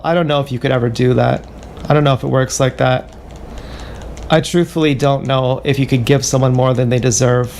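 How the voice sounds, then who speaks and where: A man livestreaming a rambling confessional monologue, halting and self-questioning, circling back over the same words. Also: medium pitch, a little mellow, slight background noise.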